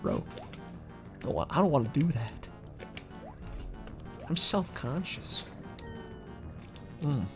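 A man's voice: mid-range voice, wildly swooping pitch, measured pace, gravelly, pauses often, fairly bright tone, soft background music. A young man speedrunning a game on a live stream, chatting casually and making self-deprecating jokes to his viewers.

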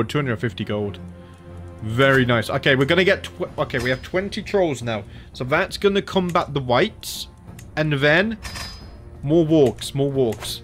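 An Australian gaming streamer plays a strategy game, chatting casually in an expressive, unhurried, mid-range voice that's a touch bright. He thinks aloud, mutters and corrects himself while clicking through menus, with frequent mild swearing and faint music in the background.

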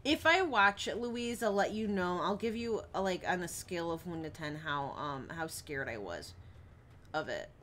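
A woman's voice: lowish voice, animated, moderate pace, fairly bright tone, a little hiss or hum. Young woman streaming a scary game, chats w viewers, jumpy, voice goes all over. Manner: jumpy, chatty, talks to viewers and yelps at scares. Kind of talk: live gameplay commentary.

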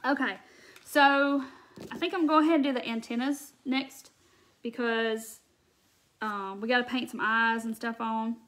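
A woman's voice: a little high, steady tone, moderate pace, fairly bright tone. Chatty woman teaching crafts. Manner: chatty, addresses viewers directly and answers comments. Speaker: craft tutorial host. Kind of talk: live crafting demonstration.

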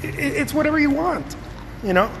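Animated man with a high voice. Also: fairly quick, vocal fry, slight background noise. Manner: animated, repetitive, emphatic. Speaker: artist. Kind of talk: casual motivational talk.

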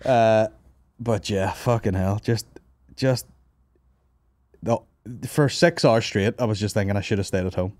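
A Northern Irish podcast host with a fairly low voice, telling a meandering comic story in a dry, close recording. He swears constantly and breaks into laughter often. He sounds hungover and worn out. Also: a little slow, long pauses, darkish tone, dry recording. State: hungover and tired. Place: office.

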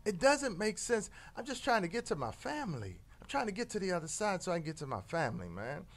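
A man voicing a smooth-talking, persuasive male scorpion in a told fable, full of casual slang. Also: high voice, wildly swooping pitch, fast, full character voice. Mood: pleading.

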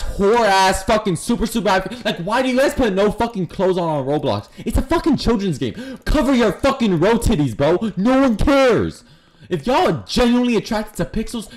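A young man giving loud, profane, rapid-fire commentary over Roblox gameplay, trash-talking other players. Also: a little high. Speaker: gaming YouTuber. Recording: noisy gameplay with gunfire behind.

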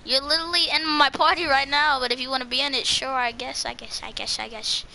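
Giggly female streamer, slightly high voice, rambles at chat over a noisy line with clicks. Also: fairly even intonation, fast talker, creaky, bright, forceful tone. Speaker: livestreamer. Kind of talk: casual livestream chat reacting to viewers.

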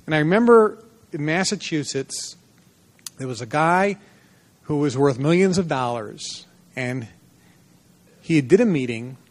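A man's voice: a little high, measured pace, long pauses. A man giving a motivational seminar lecture to a live audience, telling personal stories and acting out the dialogue in them. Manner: animated storyteller, acts out dialogue in a lively voice.

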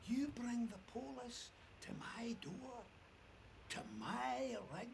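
An actor playing a foul-mouthed, bullying oil rig boss with a Scottish accent, barking threats and swearing. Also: male voice, extremely high pitch, moderate pace, sharp tone, slight background noise. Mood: menacing whisper. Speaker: game character.

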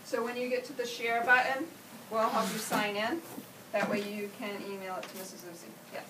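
A teacher with a medium-pitched voice and fairly even intonation talks a little fast as she leads children through an app, explaining each step in an upbeat way. The classroom echoes, the camera sits far off, and the recording is noisy.

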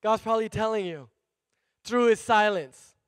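A male pastor preaching a sermon in a church, animated and conversational, calling out to the congregation. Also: sits high, moderate pace, clear, resonant tone, dry recording, clean studio sound.

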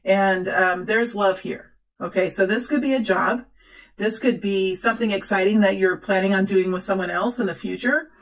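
A woman's voice: mid-range voice, normal speed, rough recording. Chatty woman giving a rambling tarot reading. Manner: chatty and rambling, many fillers and restarts, encouraging. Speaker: tarot reader. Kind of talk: casual tarot reading to camera.

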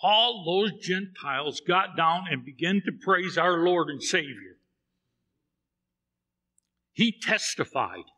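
A man's voice: a little high, sharp tone, husky, long reverb tail. A man preaching a sermon in a church, telling a Bible story and acting out the characters' lines. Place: church sanctuary.

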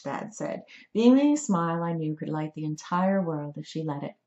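A woman reads her own novel aloud in a measured, dramatic way. Her voice sits on the low side. The recording sounds somewhat dull. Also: a little mellow, roomy sound. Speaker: author reading her book. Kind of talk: audiobook narration.

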